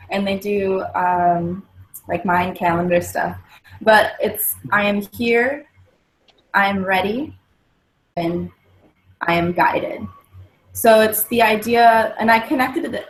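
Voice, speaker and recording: A woman, a guest on a wellbeing talk show, explains positive self-talk and mantras in an earnest, casual chat. Her voice is medium-pitched, and the audio quality is poor.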